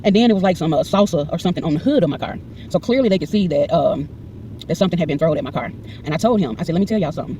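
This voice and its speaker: Woman, 40s, vlogger retelling a tense encounter; quick, heated delivery with a mellow tone. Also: low voice, distant mic, slight background noise. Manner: animated, acts out every exchange in quoted dialogue; heated and indignant when retelling. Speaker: vlogger recounting a personal incident. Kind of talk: casual storytelling to camera.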